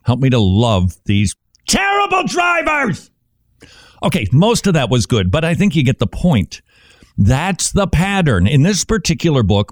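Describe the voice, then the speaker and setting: A man's voice: no room sound, clean studio sound. A man preaching a sermon in a conversational, emphatic way, asking rhetorical questions and acting out examples. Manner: animated, emphatic, shifts pace and pitch for effect.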